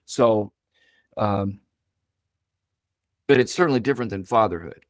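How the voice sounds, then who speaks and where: A man's voice: fairly low pitch, unhurried, dry recording. Older man telling a story, dry sound. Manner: animated, acts out quoted dialogue. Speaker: guest. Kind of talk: storytelling interview.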